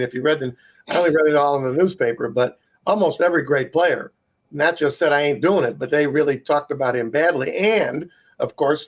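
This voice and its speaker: Plainspoken man, slightly raised pitch. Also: dull audio. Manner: speculative, plainspoken. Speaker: panel guest. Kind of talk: panel discussion.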